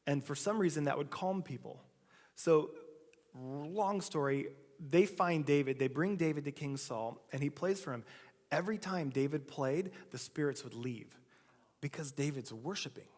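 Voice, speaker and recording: A man's voice: on the high side, moderate pace, a little mellow. A man preaching a sermon, telling a story casually and acting out the quotes himself. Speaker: pastor. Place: church sanctuary. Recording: long church hall reverb.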